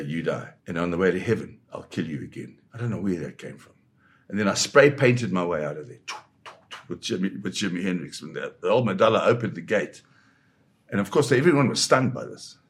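A man with a fairly low voice tells a tense story from his past in an interview, vividly and dramatically. He sometimes slips into voicing the people in the story. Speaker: photojournalist guest. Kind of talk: dramatic first-person storytelling.

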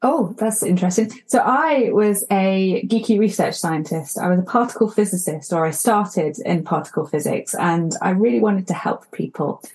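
A woman's voice: mid-range voice, lively intonation, moderate pace, hardly any pauses, a little mellow. A woman being interviewed as a health expert, earnest and explanatory, with fillers. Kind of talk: radio interview.

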